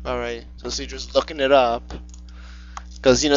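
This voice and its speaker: A man co-hosting with sarcastic, casual commentary, swinging from mumbles to loud outbursts. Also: mid-range voice, fairly even intonation, moderate pace, pauses often, a little hiss or hum. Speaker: co-host. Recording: dull lo-fi recording.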